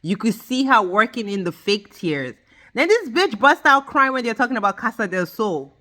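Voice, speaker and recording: Bright-voiced woman ranting about reality TV. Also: fairly high pitch, moderate pace. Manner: emphatic, animated, addresses viewers directly; blunt, swears freely. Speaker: reality TV reviewer. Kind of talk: ranting reality-show recap.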